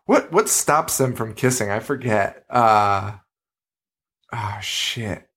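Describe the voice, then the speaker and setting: A man's voice: fairly low pitch, slow, breathy edge. A man co-hosting a podcast, chatting casually about a horror movie and swearing freely as he retells scenes. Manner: profane, animated storytelling. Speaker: podcast co-host.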